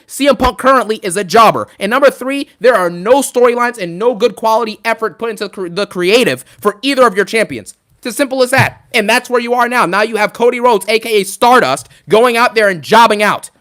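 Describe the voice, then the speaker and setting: High-voiced man ranting bluntly. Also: fairly bright tone. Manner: blunt, exasperated, repeats points for emphasis. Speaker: live streamer reviewing wrestling. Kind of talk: live rant.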